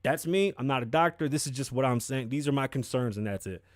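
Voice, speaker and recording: A man hosting his own podcast, riffing on the news in a loud, profane, emphatic way. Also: medium pitch, fast talker, no room sound, clean studio sound. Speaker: podcast host. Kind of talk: casual news commentary.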